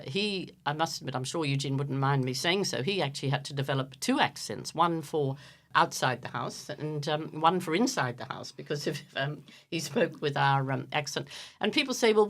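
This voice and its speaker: An Irish-born woman in her seventies, a radio host being interviewed, chatting in a self-deprecating way with plenty of fillers in a radio studio. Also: sits low. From Ireland. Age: 70s. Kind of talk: casual radio chat.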